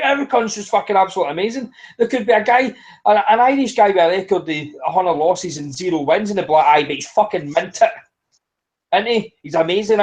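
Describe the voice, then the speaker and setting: Ranting high-voiced man. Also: a little mellow, poor audio. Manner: ranting, blunt, heavy swearing. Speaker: podcast co-host. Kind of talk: casual sweary chat.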